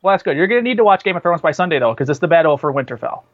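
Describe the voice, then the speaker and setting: A man's voice: fairly high pitch, expressive, racing, phone-quality sound. A man co-hosting a podcast, chatting casually about movies and TV, rambling with lots of fillers and restarts. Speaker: podcast co-host.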